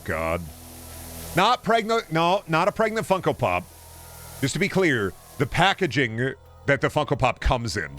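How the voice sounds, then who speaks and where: A man's voice: mid-range voice, fairly bright tone. A man streaming a game, chatting casually in a rambling, profane, jokey way.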